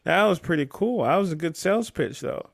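A man's voice: sits high, animated, fairly quick, creaky. A man co-hosting a podcast, bantering casually and teasing his co-host with jokes. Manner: joking, teasing.

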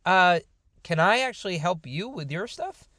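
A man's voice: sits high, expressive, normal speed, bright, forceful tone, no echo, studio quality, pitched above the performer's own voice. Man doing a chatty, stubborn grown patriarch. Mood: impressed. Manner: chatty, modern colloquial, emphatic.

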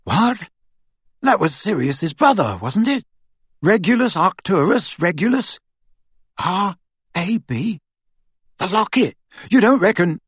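A man reading an audiobook, voicing an excitable teenage boy who blurts his words out. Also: high-pitched, slow, long pauses, husky, no echo, pitched above the performer's own voice, heavily acted. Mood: excited. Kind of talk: audiobook character voice.

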